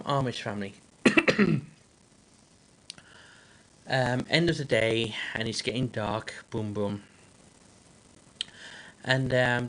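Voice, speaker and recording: A man's voice: mid-range voice, fairly bright tone. Man telling a rambling joke. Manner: halting, full of fillers and restarts. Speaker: livestream host. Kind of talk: casual joke-telling on a livestream.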